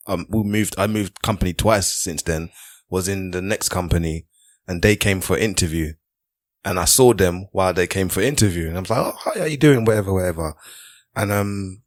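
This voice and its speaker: A man's voice: deep voice, dry recording, clean studio sound. A man telling a story in a casual podcast chat, with teasing asides. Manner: teasing, jokey interjections. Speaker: podcast co-host.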